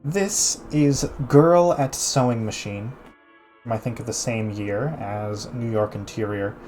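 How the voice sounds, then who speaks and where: A man's voice: fairly low pitch, takes it slowly, darkish tone, faint music behind. A man streaming a casual art gallery talk, chatty, with many restarts, answering his chat. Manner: chatty, frequent restarts and fillers, laughs easily, reads chat aloud.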